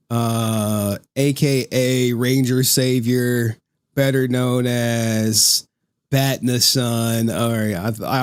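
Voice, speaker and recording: A man's voice: mid-range voice, a little mellow, no room sound. Taunting, laughing male streamer. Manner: laughs often, profane, taunting; calls people "dog". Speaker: streamer commentator. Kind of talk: mocking live-stream commentary.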